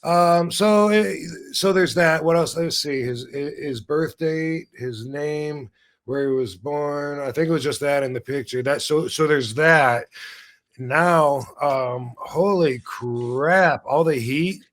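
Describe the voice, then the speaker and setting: A man hosting a podcast, his voice sitting a little higher than most men's. He rambles in loose casual chat, swears freely and keeps restarting his sentences. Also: takes it slowly. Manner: rambling, profane, self-interrupting. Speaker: podcast host.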